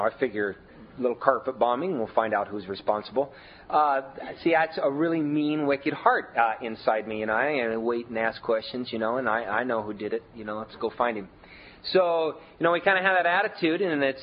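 A man preaching a sermon in a conversational way, leaning hard on key words with big shifts in pitch and volume. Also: lo-fi sound, a little hiss or hum. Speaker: pastor.

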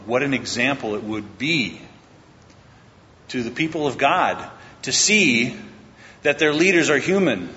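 A man preaching a sermon, retelling a Bible story in a conversational way and acting out the characters' lines. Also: pushed and bright. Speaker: pastor. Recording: echoey lo-fi hall recording with faint rumble.

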